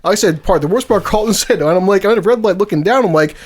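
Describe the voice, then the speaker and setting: Podcast host, man with a high voice, loose profane storyteller who laughs a lot. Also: racing. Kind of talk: casual storytelling chat.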